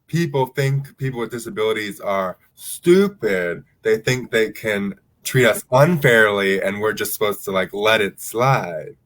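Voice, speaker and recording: Calm man chiming in. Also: lowish voice, unhurried, few pauses. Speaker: podcast co-host. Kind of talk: casual chat.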